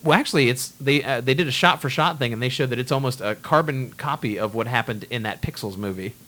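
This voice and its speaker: A man's voice: mid-range voice, quick pace, a bit bright. A man hosting a casual movie chat, ranting bluntly and swearing freely. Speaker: podcast host.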